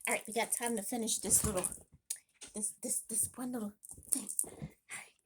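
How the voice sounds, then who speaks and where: A woman chatting casually in a home makeup vlog, thinking aloud with quick exclamations. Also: a little high, fairly even intonation, noisy background. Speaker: beauty vlogger. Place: home room.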